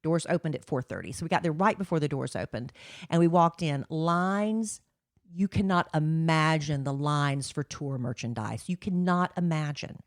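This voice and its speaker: A woman's voice: low-pitched, expressive, normal speed, dry recording, studio quality. A woman in her forties co-hosting a podcast, telling a long story in a chatty way with lots of fillers. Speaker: podcast co-host. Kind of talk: casual chat.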